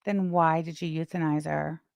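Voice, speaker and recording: A woman with a smooth, clear voice, recorded close and dry. She speaks with indignant sarcasm, laying out facts to discredit someone. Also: low voice, fairly even intonation, moderate pace, darkish tone, no echo.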